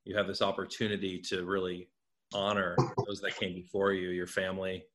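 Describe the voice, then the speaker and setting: A man's voice: deep voice, monotone, fairly quick, background noise. A man hosting an interview, asking his guest questions in an earnest, affirming way. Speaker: interview host. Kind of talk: conversational interview.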